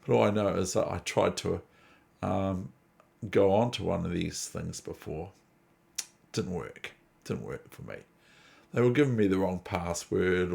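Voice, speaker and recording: Chess host, New man, low gravelly voice, meandering casual chatter. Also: a little mellow. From New Zealand. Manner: digressive, chatty, self-deprecating. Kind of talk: casual rambling commentary.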